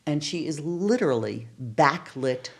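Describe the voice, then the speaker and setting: In this clip her low voice is a little slow with a breathy edge. The older casting director tells animated stories in a podcast interview, dramatizing the exclamations she quotes.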